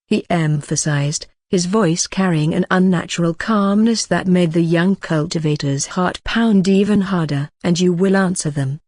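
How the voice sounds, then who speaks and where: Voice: medium pitch, a little mellow, dry recording, clean studio sound. An audiobook narrator reading a fantasy story aloud, with occasional fillers and slips.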